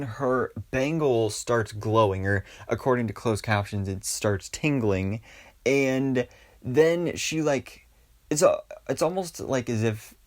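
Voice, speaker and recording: A young man giving a chatty, excited episode review as a channel host, full of casual fillers. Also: medium pitch. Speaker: YouTube reviewer. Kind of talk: casual commentary.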